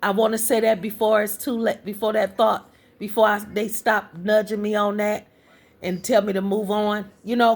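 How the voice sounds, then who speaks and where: A woman with a husky, breathy voice gives a casual spiritual message straight to her viewers. She talks in a chatty, rambling way, repeats herself, and keeps calling out to the crowd she is addressing. Her pitch sits in an ordinary middle range. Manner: rambling, restarts often. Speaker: spiritual reader.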